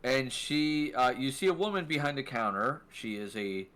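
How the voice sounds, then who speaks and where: Bright-voiced male game master. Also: mid-range voice, moderate pace, smooth. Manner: relaxed, filler-heavy narration. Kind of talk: narrating a tabletop game.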